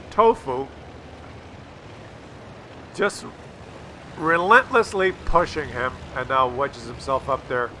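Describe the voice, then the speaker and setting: A man's voice: mid-range voice, background noise. A man doing sarcastic, mocking commentary over a game replay, swearing freely as he calls out a troll. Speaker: gameplay commentator.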